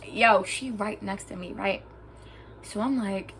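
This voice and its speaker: A young woman tells a personal story straight to camera with a bright, forceful voice. She talks in an animated, emphatic way and gets heated. A faint hum sits behind her in the room. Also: mid-range voice, slow pace. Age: young adult. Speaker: vlogger. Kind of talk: storytime vlog.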